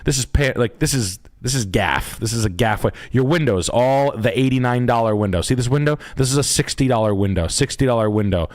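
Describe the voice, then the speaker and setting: A man's voice: medium pitch, a little fast, few pauses. A man hosting a live stream, giving blunt, profane critiques of house listings as a realtor.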